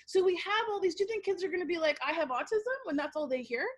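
A Canadian woman teacher telling a lively story in a workshop webinar, acting out quoted voices and checking in with "okay?". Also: very high-pitched, very fast. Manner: animated, acts out quoted voices, frequent "like" and "okay?". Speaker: teacher giving a workshop talk. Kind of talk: storytelling presentation. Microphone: webinar microphone.

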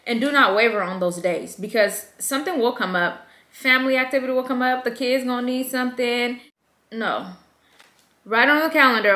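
A woman in her thirties giving self-care advice to moms in a lively, conversational vlog. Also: on the high side, brisk. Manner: lively and conversational, acts out quoted voices. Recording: echoey room.

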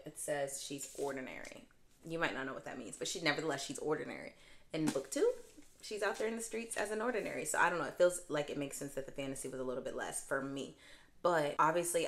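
A young woman with a low-pitched voice chats casually to her viewers as a book vlogger. She gushes and swings her pitch and volume dramatically when excited. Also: a little hiss or hum. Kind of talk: casual chat.

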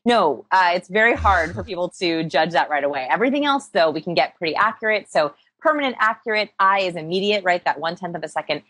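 A woman's voice: lowish voice, lively intonation, fast talker, hardly any pauses, fairly bright tone. A woman guest in a conversational interview, explaining with upbeat energy and self-deprecating humor. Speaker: interview guest, people-skills researcher.

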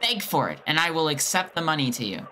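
A woman streamer mockingly taunting a scammer on a call, shifting between high teasing and low menacing tones. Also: big pitch swings, fast, pushed and bright, a little hiss or hum. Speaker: scam baiter streamer.

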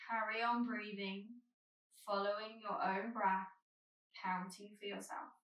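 A woman yoga teacher giving calm, gentle spoken cues through a guided flow. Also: mid-range voice, a little slow, reverberant, recorded from a distance, low-quality recording.

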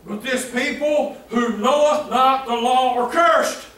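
A preacher voicing arrogant male religious leaders who sneer and shout down at common people. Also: very high voice, slow, very echoey, recorded from a distance, exaggerated voice, rough recording. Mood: scornful.

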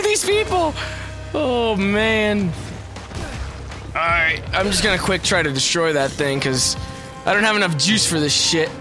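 A young man doing let's play commentary, excitable and swearing, shouting at enemies as he plays. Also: sits high. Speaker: gameplay commentator. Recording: game music behind.

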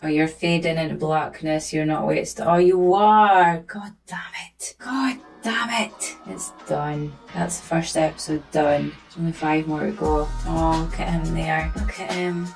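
A woman's voice: deep voice, steady tone, moderate pace, creaky, hardly any pauses, darkish tone, soft background music. A woman, giving chatty, giggly reaction commentary to a show. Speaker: reaction video host.

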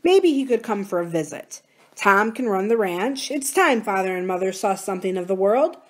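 A woman's voice: mid-range voice, expressive, normal speed, lightly acted. A woman reading as a shrewd businessman brother. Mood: practical. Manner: realistic and matter-of-fact.

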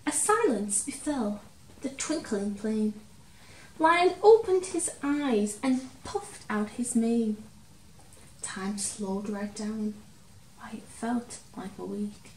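A woman reading a picture book aloud to children, expressive, dramatic and gentle. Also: fairly high pitch, slow pace, a little hiss or hum. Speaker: children's storyteller. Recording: roomy, distant from mic, faint ambience.

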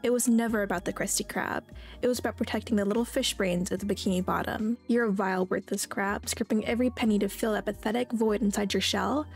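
A woman's voice: mid-range voice, fairly even intonation, quick pace, gravelly, soft background music, lightly acted. A woman reading the lines of a greedy, scornful older male crab who runs a restaurant.

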